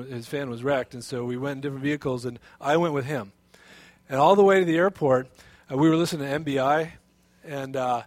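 A man preaching a sermon as pastor, telling a personal story in an animated way with many restarts and fillers. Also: medium pitch.

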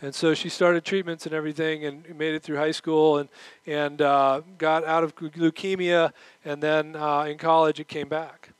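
A middle-aged man preaching a sermon, animated, acting out the voices he quotes. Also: on the high side, moderate pace, clean tone, dry recording, rough recording. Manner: moves around while preaching. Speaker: pastor.

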